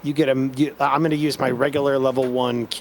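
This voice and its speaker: A man's voice: medium pitch, little pitch movement, fairly quick, darkish tone, a little hiss or hum. A man playing a tabletop game, explaining his spells and rules with hesitant fillers. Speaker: player.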